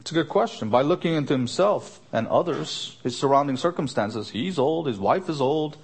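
A man's voice: lively intonation, moderate pace, breathy edge. A man preaching an expository sermon, earnest, lifting his voice to stress a point and repeating his questions. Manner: earnest, rising pitch for emphasis, repeats questions. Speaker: pastor.

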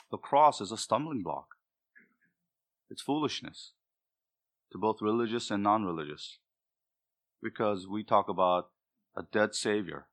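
A man's voice: sits low, fairly bright tone. A male pastor preaching a sermon, with emphatic delivery that rises and drops for emphasis.

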